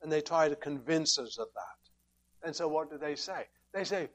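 High-voiced man preaching a sermon. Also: normal speed, fairly bright tone. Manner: emphatic, rhetorical questions, quoting scripture.

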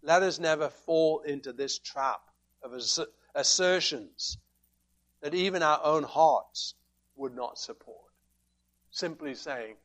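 A man with a high voice preaches a sermon. He is emphatic and steady, often asking rhetorical questions and quoting scripture as he explains his point. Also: slow pace.

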